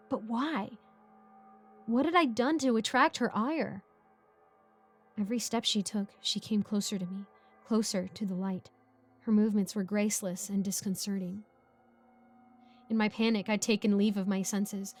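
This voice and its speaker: A woman reading a first-person horror story aloud in a measured, steady scripted narration. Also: fairly high pitch. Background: background music.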